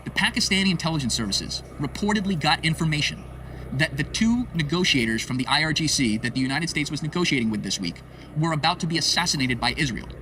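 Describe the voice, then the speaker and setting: A male streamer rattles off sarcastic, exasperated political commentary at a fast clip in a bright, forceful voice pitched a bit high. He sits slightly back from the mic, with a faint hum of noise behind him. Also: lively intonation, recorded from a distance. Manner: sarcastic, exasperated, rapid asides.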